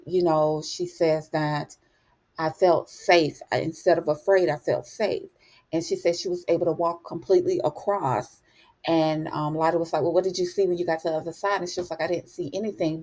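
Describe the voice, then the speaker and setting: A woman's voice: low voice, a little mellow. A woman hosting a TV episode recap, telling it in a chatty, storytelling way, full of fillers and asides. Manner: chatty storytelling, lots of "you know" and "honey". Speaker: TV recap host.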